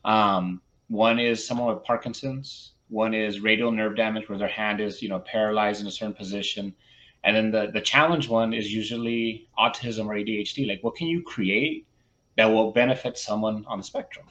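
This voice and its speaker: Lo-fi teacher telling a lively story. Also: male voice, fairly low pitch, normal speed. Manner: acts out quoted dialogue, many restarts and fillers. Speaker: teacher, podcast guest. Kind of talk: animated classroom storytelling. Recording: lo-fi, muffled audio.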